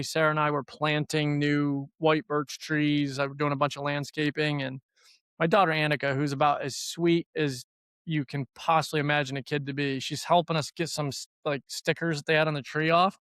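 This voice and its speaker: An earnest middle-aged man reflects on faith and family, his voice smooth and clear. He sits a little higher than most men and sounds close and dry, as in a small treated space. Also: a bit bright, dry recording. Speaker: podcast host. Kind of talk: faith-based conversation.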